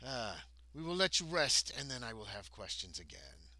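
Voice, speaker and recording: A man voicing a stern male captor who questions a prisoner slowly, in a clumsy put-on accent that drifts toward Russian. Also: mid-range voice, big pitch swings, pushed and bright, no room sound, heavily acted. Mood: menacing.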